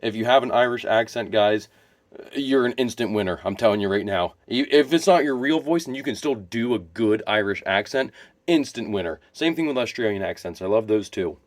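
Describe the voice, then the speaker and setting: A man's voice: lowish voice, lively intonation, fairly quick, dry recording. A man talking casually to his viewers, enthusiastic and rambling, often restarting and correcting himself. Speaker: wrestling video creator. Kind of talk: casual solo commentary to camera.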